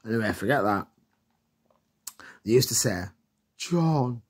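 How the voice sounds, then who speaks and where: A man's voice: medium pitch, expressive, measured pace, breathy edge. A middle-aged man tells rambling stories in a chatty way, laughing often and filling his talk with fillers. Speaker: vlogger. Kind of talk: casual rambling storytelling.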